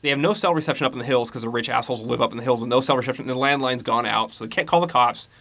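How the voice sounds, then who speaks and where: A man with a bright, pushed, medium-pitched voice co-hosts a podcast and recaps a horror movie at rapid-fire speed. He rambles and swears casually, mocking the plot and mimicking its lines.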